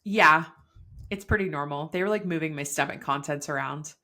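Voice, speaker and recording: A young woman tells a personal story in an easygoing chat, her voice sitting a bit low for a woman. She talks loosely, with plenty of "like", frequent laughs and lively quoted lines. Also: normal speed. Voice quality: chatty, peppered with "like", laughs often. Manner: quotes herself and others in animated bursts. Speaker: podcast guest telling her birth story. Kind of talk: casual chat.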